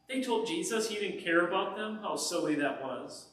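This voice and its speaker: A man, a pastor, giving a children's message as an animated storyteller speaking to kids in a church. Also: high-pitched, moderate pace, few pauses, slight background noise. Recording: echoey church from far off.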